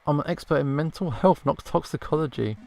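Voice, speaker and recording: A man voicing a calm, measured asylum doctor in a video game, reading the lines in a reassuring way. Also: a little high, creaky.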